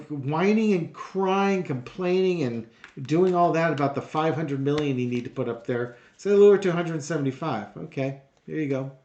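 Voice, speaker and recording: A man's voice: medium pitch, a little mellow. Sarcastic man hosting a tarot reading. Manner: sarcastic, exasperated, rambling with fillers. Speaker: tarot reader and channel host. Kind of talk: casual monologue with a tarot reading.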